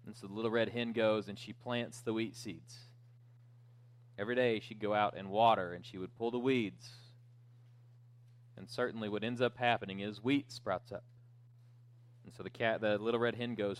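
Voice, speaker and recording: A man's voice: lowish voice, normal speed, long pauses. Joking storytelling pastor, a man. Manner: joking storyteller, lively and conversational. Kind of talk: sermon.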